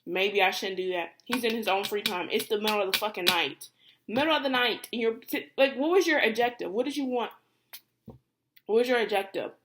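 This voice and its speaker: A young woman vlogger ranting casually to camera, animated and exasperated, with lots of fillers and free swearing. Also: mid-range voice, fairly quick, slight background noise.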